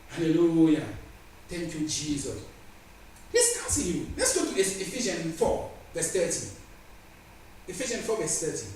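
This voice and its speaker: Male preacher, animated pitch, distant mic with faint hiss. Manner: emphatic, repeats phrases, voices God and the Spirit in quotes. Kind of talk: sermon. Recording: echoey room from far off with faint ambience.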